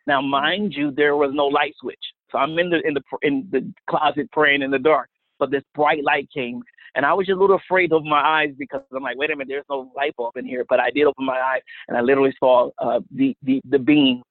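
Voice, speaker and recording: A man's voice: medium pitch, fairly even intonation, fairly quick, dry recording. A man telling a personal faith testimony as a guest, earnest and storytelling, often repeating words. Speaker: guest minister. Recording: phone-line sound, dry.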